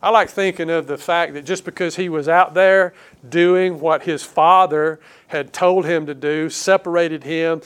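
A male pastor preaches earnestly and emphatically, with a smooth, resonant voice pitched a little high for a man and fairly even intonation. He slows his pace to put weight on the key words.

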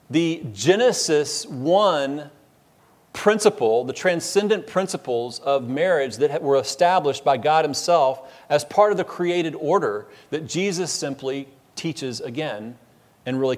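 A man, the pastor, preaching an expository sermon in a conversational, emphatic way, often restarting his phrases. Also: on the high side.

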